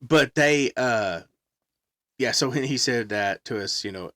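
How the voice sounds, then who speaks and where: Middle-aged man, casual storyteller, lively quoting, dry close sound. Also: medium pitch, measured pace, no echo. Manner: animated, acts out quotes, laughs often. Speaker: guest musician.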